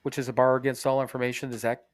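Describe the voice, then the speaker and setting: A man's voice: mid-range voice, little pitch movement, rapid-fire, no room sound, studio quality. A man co-hosting a podcast in casual chat, rambling, swearing a lot and laughing often, talking from a bathroom. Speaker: podcast co-host.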